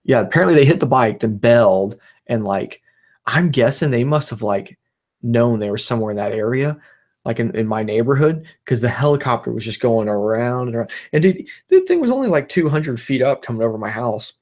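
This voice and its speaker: A man's voice: mid-range voice, expressive, fairly quick, darkish tone. A man in his thirties hosting a casual chat, rambling and swearing, laughing through his own stories. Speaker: channel host.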